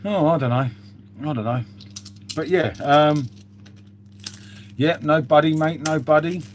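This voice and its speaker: A man's voice: fairly high pitch, measured pace, slight background noise. A man chatting casually on a live stream, reading out viewer comments with lots of "mate" and "um".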